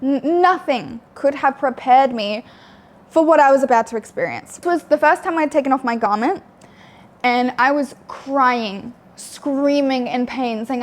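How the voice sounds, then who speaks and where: A woman's voice: high-pitched, a little slow. Blunt, foul-mouthed young woman storyteller. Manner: blunt and frank, swears often, many fillers. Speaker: vlogger. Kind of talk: candid storytelling.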